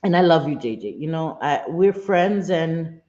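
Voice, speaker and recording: A woman's voice: deep voice, animated, a little slow, darkish tone. A middle-aged woman chatting casually on a live stream, laughing often, cursing freely and answering her viewers directly. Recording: roomy, slightly dull sound.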